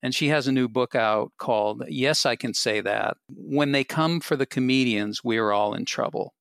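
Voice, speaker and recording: A man with a gravelly, textured voice chatting casually as a podcast host. He jokes easily and keeps things light. The sound is close and dry, with no room around it. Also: mid-range voice, moderate pace, a bit bright, no echo.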